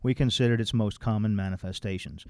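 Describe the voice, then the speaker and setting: A man's voice: on the low side, fast talker, darkish tone, no room sound. A man leading a recovery workshop, reading from a text and explaining it in blunt, folksy, mildly profane everyday language. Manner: quotes text then explains it plainly. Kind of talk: informal workshop talk.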